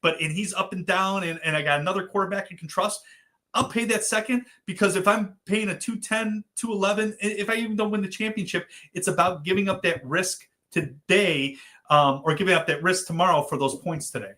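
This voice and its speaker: Bright, high-voiced man giving advice. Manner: quick agreeing backchannels, then measured advice. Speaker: fantasy football podcast co-host. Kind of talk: casual chat.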